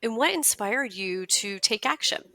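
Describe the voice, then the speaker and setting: A woman's voice: fairly high pitch, expressive, measured pace, pushed and bright. A woman hosting a podcast, enthusiastic and friendly, sounding a little stuffy from a cold. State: stuffy, under the weather. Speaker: podcast host.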